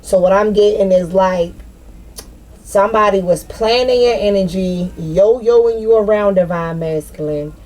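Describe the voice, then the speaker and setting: A woman's voice: mid-range voice, a little slow, darkish tone. A woman giving a casual spiritual tarot reading straight to the viewer, rambling and swearing freely. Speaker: tarot reader.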